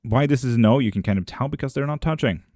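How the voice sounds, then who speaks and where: A man's voice: mid-range voice, fast, warm tone, no room sound. A man reading tarot and bones on a live stream. He reads viewer questions aloud in a lifted voice, then answers them in a dry, teasing way in casual chat.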